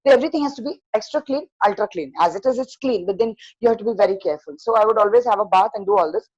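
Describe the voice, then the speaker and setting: An older woman telling a first-person horror story at an online open mic, acting out the voices of her family and dropping to a hush. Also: medium pitch, very fast, no echo, highs cut off. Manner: animated, acts out dialogue in a hushed voice. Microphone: video call.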